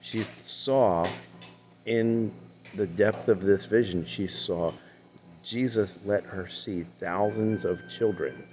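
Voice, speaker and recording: Very deep, slow man retelling a story. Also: darkish tone, soft background music. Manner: earnest, retelling the story in his own words. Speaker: online commentator. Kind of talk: commentary on a played clip.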